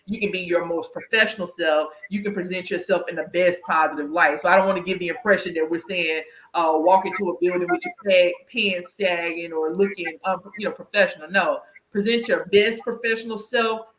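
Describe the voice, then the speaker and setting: A woman with a Southern country twang hosts an interview in a chatty, emphatic way, often checking in with "right?". Her voice is bright and forceful. The sound carries a noticeable room echo. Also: lowish voice, steady tone, fairly quick, few pauses, slight background noise. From Southern United States. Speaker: podcast host and career coach. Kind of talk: conversational interview.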